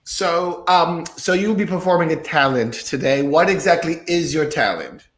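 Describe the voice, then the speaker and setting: A man's voice: a little high, moderate pace. A male co-host bantering playfully in a casual comedy chat on a video call.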